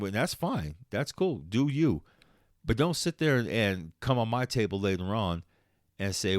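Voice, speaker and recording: A man's voice: deep voice, dry recording, clean studio sound. A man hosting his own podcast alone, ranting in a heated, profane way and laughing at himself. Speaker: podcast host. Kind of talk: late-night solo podcast rant.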